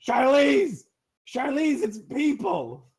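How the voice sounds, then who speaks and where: A man's voice: high-pitched, big pitch swings, slow pace, voice pushed up, exaggerated voice. A jittery lizardfolk guard stammers through clumsy, fake-casual denials, as a man puts him on. The voice sits a little above the speaker's own and wobbles up and down, the way a figure sounds in a tabletop game. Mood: flustered. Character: nervous, evasive male lizardfolk guards.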